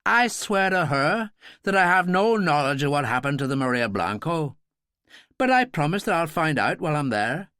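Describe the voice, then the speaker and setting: A man's voice: a little high, very animated, moderate pace, a bit bright, no echo. A man voicing a seasoned middle-aged pilot who talks with dry, wry humor. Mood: passionate.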